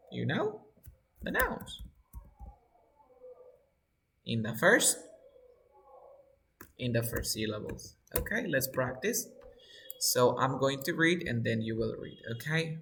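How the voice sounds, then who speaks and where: A male teacher leads an online English class, patient and steady, repeating each word aloud so his students can hear where the stress falls. His voice sits at an ordinary middle pitch. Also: slow pace, long pauses, slight background noise. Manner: patient, drills students, repeats words for pronunciation.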